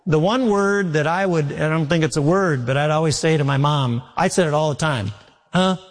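Folksy preacher in a reverberant hall. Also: male voice, a little high, a little fast. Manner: folksy storytelling, repeats phrases for emphasis. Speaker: pastor. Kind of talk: sermon. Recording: long reverb of a large hall.

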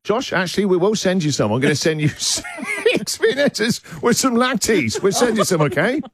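A man hosting a breakfast radio show, laughing and joking as he chats with callers. His voice is a little high and swings around a lot. The studio sound is close and dry. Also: moderate pace, slightly rough, no echo. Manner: jokey, laughing, lively. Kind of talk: casual radio banter with callers. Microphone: studio microphone.

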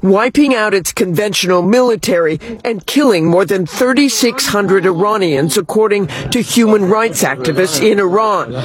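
A man reporting the news in a measured, sober way, heard in a played clip. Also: sits high, lively intonation. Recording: news clip with crowd noise behind.

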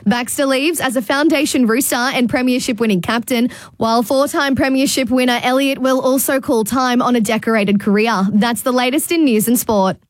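A woman's voice: fairly high pitch, steady tone, normal speed, few pauses, no room sound. A woman reading sports news in a scripted bulletin. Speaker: newsreader.

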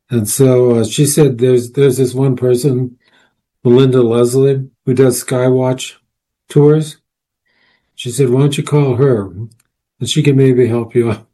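Male guest, researcher. Relaxed, mellow tone, anecdotal, filler-heavy delivery. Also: medium pitch. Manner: rambling, with many fillers and restarts. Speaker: guest, paranormal researcher and author. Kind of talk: casual storytelling interview.

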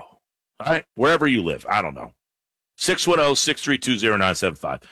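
A man hosting a call-in sports radio show, talking with callers and listeners in an animated way. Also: lowish voice, no echo. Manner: lively, animated, quick play-by-play bits. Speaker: radio sports talk host.

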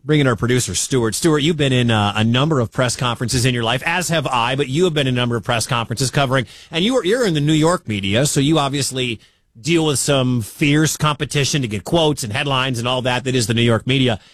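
A man from the American Midwest hosting a sports talk radio show, talking in an animated, incredulous way with quick asides. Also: medium pitch, dry recording. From Midwestern United States.

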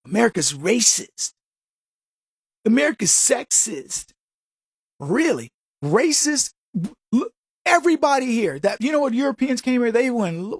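A man giving an opinionated monologue as a political commentator, firing off sarcastic rhetorical questions in an animated way. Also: extremely high pitch, normal speed, breathy edge, no room sound, clean studio sound.

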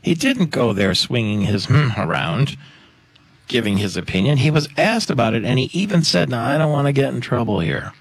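Chatty male talk-show host, gravelly voice. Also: mid-range voice, sing-song, moderate pace. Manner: chatty, joking, laughs at his own asides. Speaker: radio host. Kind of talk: casual talk-show commentary.

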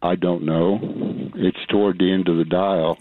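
A man's voice: low-pitched, steady tone, a little slow, no room sound. An older retired man calling in to a late-night radio show. He speaks tersely and sounds tired. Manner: terse, tired, plain-spoken. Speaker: radio caller. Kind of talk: phoned-in call. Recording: tinny phone line.

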